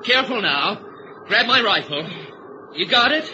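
A lively, high-pitched trapper, easygoing and reassuring. The old radio-drama recording is muffled and hissy. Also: male voice, a little slow, heavily acted. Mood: steady. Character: steady trapper Ted, easygoing. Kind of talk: vintage radio drama acting.

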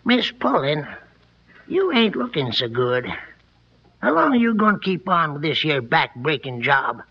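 An actor playing a friendly, plainspoken frontier lumberjack in a 1940s radio drama, with folksy, drawling talk. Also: male voice, fairly high pitch, very animated, unhurried, husky, full character voice. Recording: dull old radio broadcast recording.

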